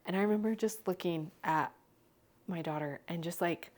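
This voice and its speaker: A young adult woman hosting a podcast, chatting casually and telling animated stories with frequent laughter. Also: lowish voice, normal speed. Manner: animated storytelling, laughs often. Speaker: podcast host. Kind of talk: casual chat.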